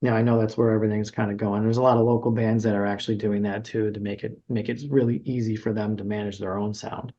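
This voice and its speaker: Laid-back middle-aged man, mellow, muffled. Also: on the low side, level tone, fast talker, few pauses. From Buffalo, New York area. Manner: rambling, many fillers and restarts. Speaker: guest guitarist and music educator. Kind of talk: casual interview talk.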